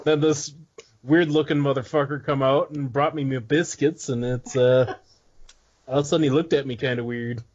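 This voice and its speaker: A man's voice: mid-range voice, steady tone, normal speed, darkish tone, no room sound. A man co-hosting a podcast who tells crude stories in casual chat, over muffled audio. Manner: crude, storytelling. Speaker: podcast co-host.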